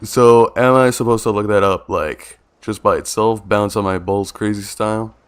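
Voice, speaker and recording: A man's voice: lowish voice, steady tone, moderate pace, smooth. A young man streaming a video game, chatting casually, laughing often and restarting his sentences. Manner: laid-back, laughs often, hesitant restarts. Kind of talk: casual gameplay commentary.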